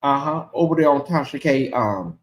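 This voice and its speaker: A man hosting his own livestream, chatting casually and reacting out loud to messages from viewers. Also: medium pitch, moderate pace, reverberant, poor audio. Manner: chatty, animated, reacts aloud to comments. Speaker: channel host.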